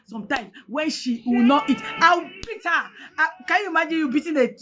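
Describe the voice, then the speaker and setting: A woman from Cameroon with a Cameroonian English accent, giving an emotional personal testimony in a dramatic, animated way, often near tears. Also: sits high, fast, noisy background. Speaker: guest telling her story. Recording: dull lo-fi audio with faint music.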